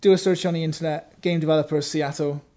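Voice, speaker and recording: Games journo guy, high voice, wry self-mocking storytelling. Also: fairly even intonation, fast talker, dark tone. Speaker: games magazine writer, podcast regular. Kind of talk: casual podcast chat, anecdote.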